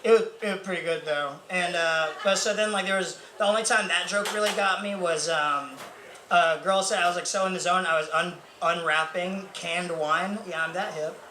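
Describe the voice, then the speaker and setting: A man's voice: sits high, steady tone, normal speed. A young man doing a rambling, profane, self-mocking stand-up set full of fillers and laughter. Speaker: stand-up comedian. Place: bar or club stage with a live audience. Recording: echoey room with crowd noise.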